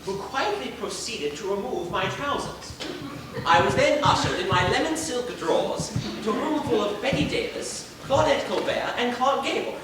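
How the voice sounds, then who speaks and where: A man's voice: very high voice, expressive, moderate pace. A man acting a flamboyant, vain celebrity playwright in a live stage play, with a grandiose, theatrical delivery. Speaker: stage actor. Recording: distant, echoey and noisy theater recording.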